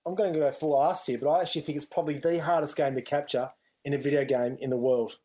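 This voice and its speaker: An Australian man co-hosts a casual gaming podcast. He talks in an easygoing, rambling way, thinking aloud about games. He is quick to agree with his co-host. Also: on the high side, fairly even intonation, dark tone. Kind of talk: casual chat.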